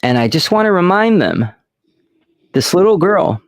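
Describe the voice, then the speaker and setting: A man hosting a casual podcast who tells stories slowly and rambles, swearing freely, recorded close and dry. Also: high voice, sing-song, no echo. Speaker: podcast host.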